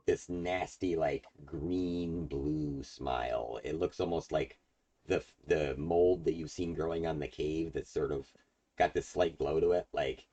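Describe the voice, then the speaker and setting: A man's voice: extremely low pitch, fairly even intonation, moderate pace, dark tone. A man narrating as game master, rambling loosely with lots of fillers.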